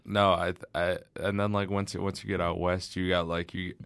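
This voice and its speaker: A young man co-hosting a casual chat, talkative and quick to laugh. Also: low voice, flat delivery, vocal fry, fairly bright tone, smooth, no room sound. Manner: laughs often, chatty. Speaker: podcast co-host.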